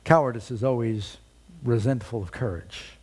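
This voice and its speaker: A man's voice: mid-range voice, moderate pace, a little mellow, breathy edge. A male preacher giving a sermon, retelling a story with dramatic storytelling and rhetorical questions.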